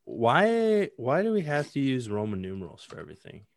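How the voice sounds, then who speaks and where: A man's voice: medium pitch, very animated, fast talker, a little mellow. A man co-hosting a casual sports podcast, rambling and hesitant, full of "um" and "like". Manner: rambling, hesitant, many fillers. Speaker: podcast co-host.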